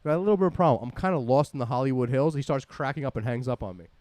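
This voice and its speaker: A man casually telling a rambling, animated story full of swearing, as a podcast host. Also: medium pitch, very fast, no echo.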